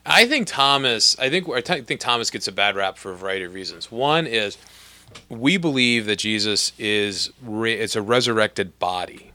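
A man with a bright, forceful voice and a slightly low pitch, talking through scripture in a relaxed back-and-forth. He thinks aloud, restarts his sentences and keeps asking "right?" for agreement. The sound is dry and close. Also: moderate pace, dry recording. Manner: thoughtful, frequent restarts, asks for agreement with "right?". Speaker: clergy discussing scripture. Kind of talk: casual theological conversation.

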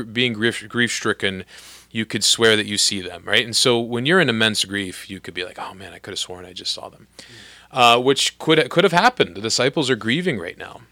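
A man talking through a gospel passage in a relaxed conversation, thinking aloud with restarts and often checking for agreement. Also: on the low side, dry recording. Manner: thoughtful, frequent restarts, asks for agreement with "right?". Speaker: clergy discussing scripture. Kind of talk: casual theological conversation.

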